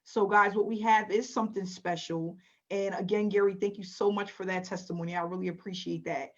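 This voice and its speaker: A woman's voice: mid-range voice, steady tone, a little fast. A woman hosting a webinar in an upbeat manner, calling on attendees by name. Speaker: webinar host. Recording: dull lo-fi audio.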